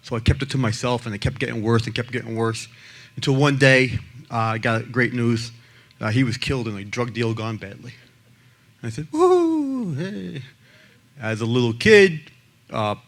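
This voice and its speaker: A man speaks in blunt, emphatic personal testimony. His voice sits at an ordinary middle pitch. He pushes some lines out loudly and drops others to a near hush. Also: steady tone, fairly quick. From the Bronx, New York. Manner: blunt and emphatic, swinging between loud and hushed. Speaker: abuse survivor and advocate speaker.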